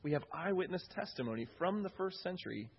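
A man's voice: high voice, animated, fast, vocal fry, slightly rough, muffled recording. A man preaching a sermon in an earnest way, often repeating key phrases for emphasis.

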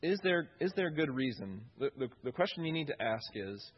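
Earnest husky male preacher, lo-fi. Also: mid-range voice, expressive, a little fast, few pauses. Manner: earnest, repeats key phrases for emphasis. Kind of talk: sermon.

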